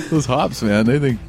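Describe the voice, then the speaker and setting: A man co-hosting a casual beer-tasting podcast, laid-back and slangy, often chiming in with quick agreement. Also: on the high side, darkish tone. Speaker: podcast co-host.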